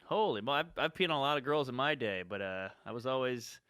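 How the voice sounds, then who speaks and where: A man's voice: mid-range voice, animated, fast, a bit bright, clean tone, no echo, studio quality. A young man co-hosting a comedy podcast, playful and exclamatory with goofy asides. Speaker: podcast co-host. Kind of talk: casual comedic chat.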